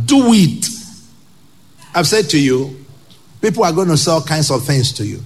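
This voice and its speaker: Male Nigerian preacher, lively swooping delivery, emphatic, pidgin asides, church sermon. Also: fairly high pitch, moderate pace, long pauses, husky, soft background music. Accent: Nigerian English. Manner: emphatic, with loud rhetorical questions and pidgin asides. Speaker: pastor.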